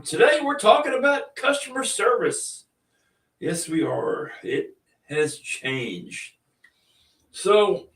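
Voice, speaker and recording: A man's voice: sits high, fairly bright tone, far from the mic. A middle-aged man hosting a podcast in a folksy, rambling, chatty way. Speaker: podcast host. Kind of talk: casual podcast monologue. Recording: echoey room, off-mic.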